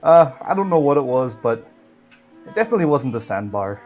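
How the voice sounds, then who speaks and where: A man voicing a friendly, rambling middle-aged Irish sailor in a put-on Irish accent during a tabletop game, pausing often with "uh". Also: mid-range voice, very animated, darkish tone, faint music behind, natural voice. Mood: chummy. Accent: put-on Irish, heard by others as Canadian. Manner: hesitant, full of "uh" pauses. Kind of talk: tabletop role-play voice.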